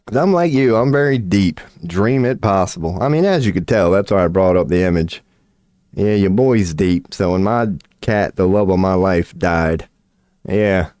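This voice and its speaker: A man's voice: low-pitched, darkish tone, no room sound. A toothless man on a casual livestream, rambling and swearing to his chat and laughing at himself. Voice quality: toothless, slightly lisping when mouth is dry. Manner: loose and profane, laughing at himself. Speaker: streamer giving tarot readings.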